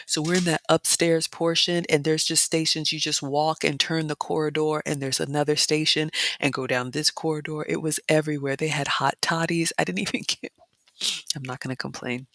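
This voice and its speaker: A woman vlogger chatting casually and reading viewer comments, dropping into excited whispers. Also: low-pitched, no echo. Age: adult mother. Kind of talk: casual chat narrating photos, reading live comments.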